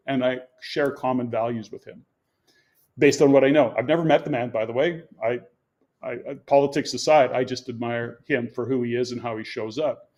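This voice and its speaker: A man's voice: medium pitch, steady tone, normal speed, darkish tone, lo-fi sound. A man in his sixties, a guest on a podcast, telling stories earnestly and with emphasis as he explains his coaching. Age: 60s. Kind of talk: conversational interview.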